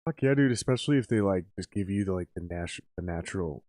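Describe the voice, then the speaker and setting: A young man hosting a podcast speaks in a lowish voice, loose and animated, cursing freely and calling his guest dude. The sound is dry and close. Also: fast talker, no room sound. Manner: animated, heavy swearing, calls guests dude. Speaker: podcast host. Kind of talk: casual chat.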